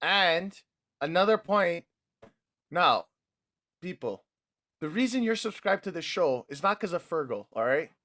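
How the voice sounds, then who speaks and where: Young male podcast co-host, high gravelly voice, jokey and profane. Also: animated, unhurried, pauses often, sharp tone. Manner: joking, swears freely, talks over others. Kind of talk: casual wrestling podcast chat.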